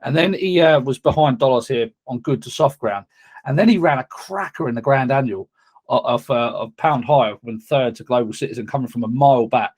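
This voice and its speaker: A man's voice: mid-range voice, a little fast, a little mellow, husky. A man giving horse racing tips in casual podcast chat, hesitant with frequent restarts. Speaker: racing tipster.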